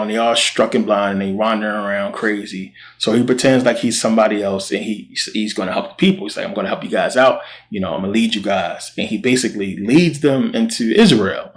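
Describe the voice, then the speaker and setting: A man with a lowish voice retells a scripture story in loose, casual speech. He slips into slangy quotes for each character as he goes. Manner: slangy, animated quoting of characters. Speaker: Bible storyteller.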